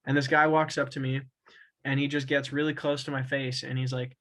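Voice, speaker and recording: Recording roughly at home with his own camera and mic, a young podcast co-host rambles through a story packed with swearing, laughs cutting in. His voice is mid-range, level, a bit bright, and a little fast.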